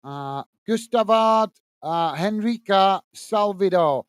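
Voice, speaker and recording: High-voiced British man, rambling host. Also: lively intonation, takes it slowly, clean tone. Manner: rambling, exasperated muttering about tech trouble. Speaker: football watchalong host. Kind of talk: casual live-stream chat, reading out viewer comments.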